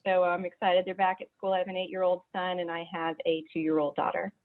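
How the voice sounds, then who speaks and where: A woman in her thirties gives a friendly introduction on a video call with a few small hesitations. Her voice is somewhat low and comes through a thin, phone-like line. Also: monotone, brisk. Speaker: investment strategist. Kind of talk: casual self-introduction. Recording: tinny phone-like call audio.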